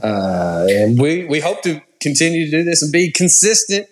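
A man's voice: fairly high pitch, lively intonation, normal speed. Easygoing man co-hosting a podcast. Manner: easygoing, trails off and restarts. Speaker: podcast co-host. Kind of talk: casual chat.

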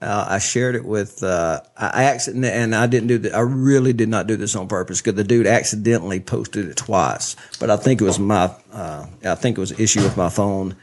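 A man's voice: on the low side, brisk, few pauses. A man, hosting a casual podcast chat, rambling and laughing often. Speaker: podcast host.

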